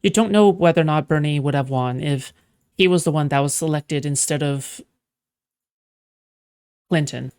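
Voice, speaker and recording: A woman's voice: low voice, normal speed, long pauses, a little mellow, smooth. A woman streamer mocking a clip in casual, sarcastic reaction commentary.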